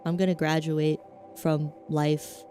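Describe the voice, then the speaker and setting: A woman with a Southern American accent rambles casually during a gaming stream and pokes fun at herself as she goes. Her voice is low and mellow. Faint game music plays behind her. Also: level tone, slow pace. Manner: meandering, self-mocking rambling. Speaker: VTuber streamer.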